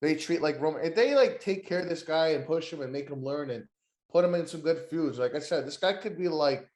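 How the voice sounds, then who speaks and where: A man's voice: fairly high pitch, fairly quick, a little mellow, reverberant. Rambling, crude man hosting a wrestling podcast. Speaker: podcast host. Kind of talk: casual wrestling podcast chat.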